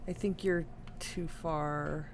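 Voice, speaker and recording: A woman's voice: low voice, steady tone, takes it slowly, a little hiss or hum. A woman co-hosting a casual live trivia stream at home, laughing and teasing while keeping things on track. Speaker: co-host.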